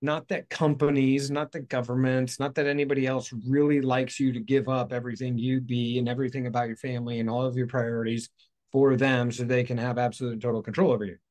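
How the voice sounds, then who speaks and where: A man's voice: medium pitch, flat delivery, quick pace, a little mellow. A man hosting a spiritual talk show, talking casually in a rambling, playful way, correcting himself as he goes. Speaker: host. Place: outdoors in hot weather.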